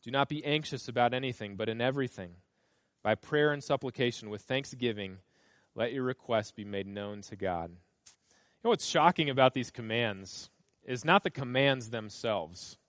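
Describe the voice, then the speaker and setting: A man's voice: medium pitch, moderate pace, a bit bright, no echo. A man preaches in an emphatic, building cadence, pressing on repeated phrases as he reads scripture aloud. His voice sits in an ordinary middle register and the sound is close and dry, with little room around it. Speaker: pastor. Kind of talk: sermon.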